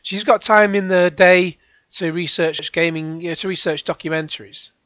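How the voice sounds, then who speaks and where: A man's voice: high voice, steady tone, moderate pace, a bit bright, clear, resonant tone, no room sound, lo-fi sound. A man giving rambling, sarcastic commentary as a YouTube reaction host. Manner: rambling, sarcastic, with frequent sighs and restarts.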